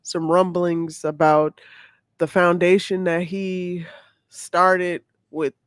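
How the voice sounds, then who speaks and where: A man co-hosts a casual podcast and picks his words slowly and hesitantly. His voice is high and smooth, and it is recorded close and dry. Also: flat delivery, fairly bright tone, no echo. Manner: measured, hesitant delivery with restarts. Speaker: podcast co-host.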